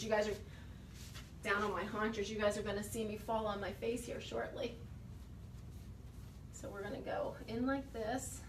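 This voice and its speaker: Woman, furniture painter, casual how-to chat, enthusiastic, slightly out of breath, phone camera recording, faint hum behind her. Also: medium pitch. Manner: chatty, enthusiastic, addresses viewers directly. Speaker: furniture refinisher.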